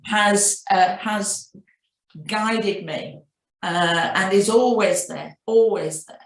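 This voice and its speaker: A middle-aged woman with a Northern English accent, appearing as a CEO guest in a business interview, recounts anecdotes reflectively and restarts frequently. She speaks slowly at a medium pitch. The room is echoey and the audio poor.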